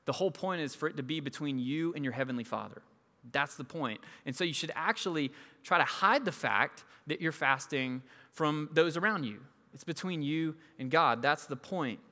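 In a large hall, a male pastor preaches in a conversational style, his medium-pitched voice bright and pushed. He acts out the people who appear in his stories.

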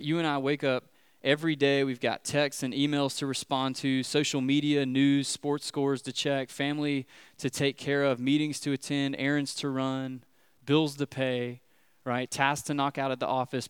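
A man in his thirties preaches a sermon in a relaxed, conversational way, full of little fillers and asides, and he gets more animated when he retells a tense moment. His voice is smooth and resonant, and it sounds dry, with almost no room echo. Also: medium pitch. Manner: casual storytelling with many fillers, rising animation when retelling scary moments. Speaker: pastor.

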